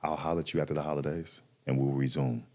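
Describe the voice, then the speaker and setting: Talking at a quick pace in a bass voice, a thirty-something podcast guest relays a personal anecdote in a relaxed way. He's animated and slangy, performing the quotes in different voices.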